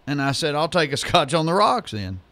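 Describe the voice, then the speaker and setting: A man's voice: a little high, big pitch swings, brisk, pushed and bright, dry recording. A man co-hosting a radio show, telling a long joke story in casual banter.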